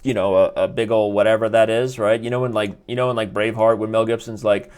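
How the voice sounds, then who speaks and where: A man's voice: fairly low pitch, steady tone, fast, a little mellow, smooth. A man reviewing chess games on a live stream, chatty and jokey, rambling with restarts and asides from his desk. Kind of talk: casual live game review. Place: indoors at a desk.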